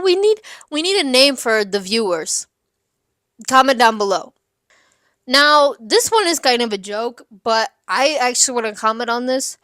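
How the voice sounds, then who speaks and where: A young woman hosting an advice show, chatting candidly with lots of fillers and lively asides. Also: on the high side, no room sound, studio quality. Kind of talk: casual advice chat.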